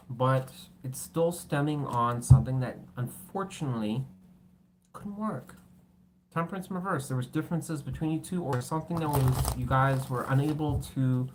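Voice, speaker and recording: Woman tarot reader, very low voice, chatty and rambling with casual swearing; clear background noise on the track.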